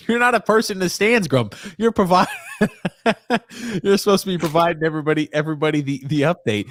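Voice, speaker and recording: A man with a fairly high, slightly bright voice and a New York accent talks briskly while co-hosting a live hockey watchalong podcast, teasing his co-host and reading viewer comments aloud. The sound is studio quality with no echo.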